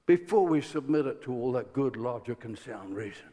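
A man with an Irish accent preaching a sermon, telling stories with lively energy, stumbling restarts and laughing asides. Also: mid-range voice, moderate pace, hardly any pauses. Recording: long hall reverb.

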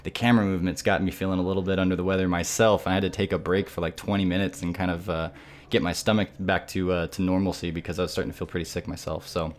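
A man's voice: low voice, level tone, quick pace, a little hiss or hum. A man hosting a casual gaming podcast, talking in a thoughtful, rambling way with frequent restarts. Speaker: podcast host.

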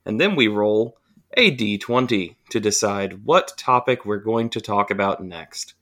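A man's voice: on the low side, expressive, unhurried, fairly bright tone. A man hosting a casual podcast, joking with friends and explaining the rules of their dice game. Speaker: podcast host.

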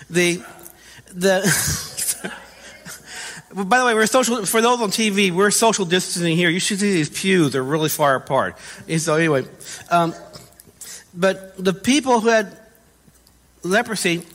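A man's voice: high-pitched, a bit bright. A man pastor preaching a conversational sermon in a church, correcting himself as he goes and asking the viewers questions. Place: church with spaced-out pews. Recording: church service with long reverb.

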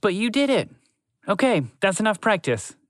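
A man's voice: high voice, sing-song, moderate pace, a bit bright, dry recording, voice pushed up. A man doing an eager old grey horse. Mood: encouraging. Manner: eager, upbeat coaxing. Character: old grey male horse, cheerful and encouraging.

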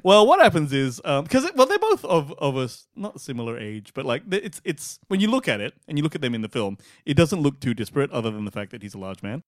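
A man's voice: mid-range voice, fast talker, few pauses, dry recording, clean studio sound. A man co-hosting a podcast, chatting casually, swearing and laughing as he tells stories. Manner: swearing, laughing, animated storytelling. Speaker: podcast co-host. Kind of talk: casual chat.

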